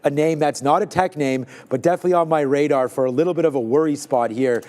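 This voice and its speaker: Male co-host, casual live market commentary, relaxed chart talk. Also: on the high side, fast talker. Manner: loose, chatty, chart talk with fillers.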